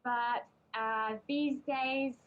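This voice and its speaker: A woman's voice: a little high, fairly even intonation, drawn-out words, faint music behind. A young woman from England giving a casual, chatty presentation to a group, hesitating often with ums and restarts. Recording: dull lo-fi recording.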